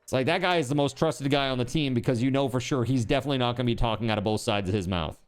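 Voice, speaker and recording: A man's voice: mid-range voice, very fast, clear, resonant tone, soft background music. A man streaming a game, chatting casually in a rambling, joking way, swearing now and then and packing his talk with fillers.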